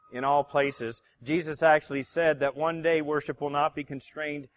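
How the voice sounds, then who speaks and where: A male pastor delivering a sermon in a slightly high voice. He presses his points hard, firing rhetorical questions at the congregation and answering them himself. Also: steady tone, moderate pace, slight background noise.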